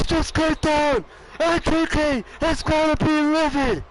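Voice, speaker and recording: A young man calling wrestling play-by-play, animated and cursing freely, shouting at the big moments. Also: very high voice, slow, very noisy. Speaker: commentator. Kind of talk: excited wrestling play-by-play commentary.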